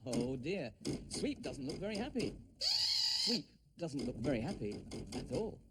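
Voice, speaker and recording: A man's voice: a little high, big pitch swings, unhurried, heavy background noise. A man presenting a children's TV show, playful and often breaking into laughter. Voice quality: playful, laughs at his own jokes. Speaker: children's TV host.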